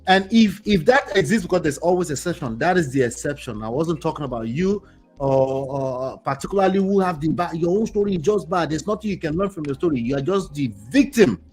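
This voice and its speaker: A man from Nigeria with a Nigerian accent, hosting a casual talk show and speaking in an animated, joking way with emphatic repetition. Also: fairly high pitch, a little fast, faint music behind. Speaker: podcast host. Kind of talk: casual chat.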